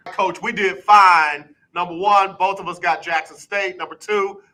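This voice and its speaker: A man hosting a casual sports talk radio show, quizzing his guest in a brisk, repetitive rhythm. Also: sits high, steady tone, sharp tone, rough recording.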